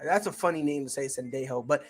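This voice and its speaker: A streamer giving casual live play-by-play commentary, slangy and excitable, chatting with viewers between plays. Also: medium pitch, quick pace, breathy edge. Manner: excitable, bursts into shouted reactions and laughter. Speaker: sports streamer.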